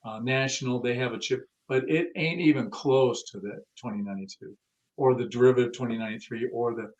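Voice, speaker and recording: In an interview about the car audio industry, a man talks bluntly and casually, cursing now and then and acting out the people he quotes. His voice is medium-pitched and fairly quick, and the audio sounds dull.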